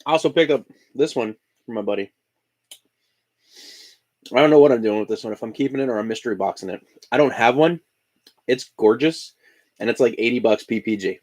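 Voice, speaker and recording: A man's voice: on the low side, darkish tone, a little hiss or hum. A man from Indiana hosting a casual live stream, chatting while he eats breakfast. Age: adult parent of young children. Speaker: live-stream host and collector.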